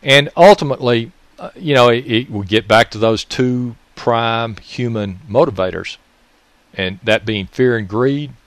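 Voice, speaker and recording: Measured in pace, medium in pitch, and a bit bright, this Mississippi-accented commentator is recorded without room sound. He delivers an enraged political tirade, shouting, swearing, and repeatedly scolding listeners with questions.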